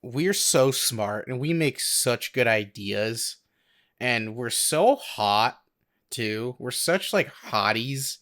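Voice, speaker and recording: A man co-hosting a podcast in a casual, goofy way, cracking jokes and laughing a lot. His voice sits at an average pitch but swings up and down with lively intonation. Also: slow pace. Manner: goofy, joking, laughs often. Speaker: podcast co-host. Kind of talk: casual chat.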